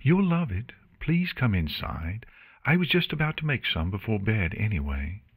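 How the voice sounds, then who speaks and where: A man's voice: on the low side, sing-song, moderate pace, husky, pitched above the performer's own voice, exaggerated voice. A man voicing a polite, gracious young pony mare hosting guests in a storybook reading. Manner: polite, warm.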